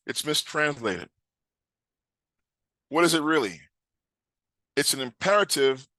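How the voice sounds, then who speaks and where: A man teaching a scripture class, emphatic, quizzing his listeners and reading words aloud slowly. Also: mid-range voice, pushed and bright, no room sound.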